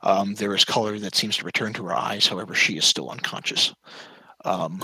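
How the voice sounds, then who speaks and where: Dungeon master, male, low-pitched and bright, a little raspy, dry close sound; narrates haltingly. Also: dry recording, low-quality recording. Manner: halting, with many fillers. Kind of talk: narrating a tabletop game.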